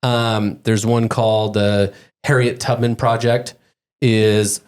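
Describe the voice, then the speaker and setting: A man's voice: on the low side, level tone, takes it slowly, darkish tone, smooth. A man hosting a podcast, steering the conversation and walking through news cases. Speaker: podcast host. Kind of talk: casual podcast chat.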